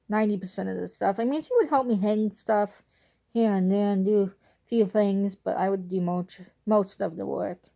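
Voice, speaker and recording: A woman's voice: mid-range voice, creaky, warm tone. A young adult woman vlogging, telling a casual, rambling story that turns wistful at times.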